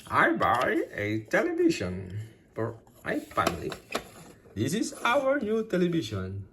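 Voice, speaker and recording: Woman voicing a deep-voiced jolly daddy pig. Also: wildly swooping pitch, measured pace, background noise, exaggerated voice. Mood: cheerful. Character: jolly father pig, proud of his family.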